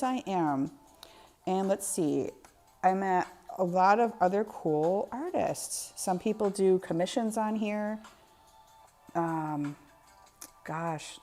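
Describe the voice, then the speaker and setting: Chatty woman streamer with a mellow voice. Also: medium pitch. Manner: chatty, laughs often, talks to chat by name. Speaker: art streamer. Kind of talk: casual live-stream chat.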